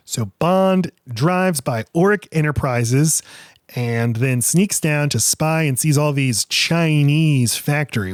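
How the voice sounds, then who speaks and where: A man co-hosting a podcast, retelling a film scene by scene in casual, animated chat. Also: mid-range voice, no room sound, clean studio sound. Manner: animated retelling with swearing and voice impressions. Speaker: podcast co-host.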